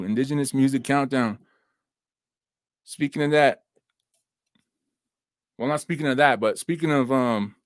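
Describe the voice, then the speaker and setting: A man's voice: on the high side, dry recording, studio quality. A young man hosting a casual livestream, talking in a laid-back, slangy way with lots of fillers, seated at home while he heals. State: recovering from injuries, sitting down. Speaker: host. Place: at home, seated with laptop and phone.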